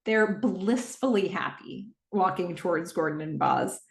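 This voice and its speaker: Woman, podcast host, casual recap, animated, low voice, echoey room. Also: gravelly. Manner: animated retelling with quick quoted voices of characters.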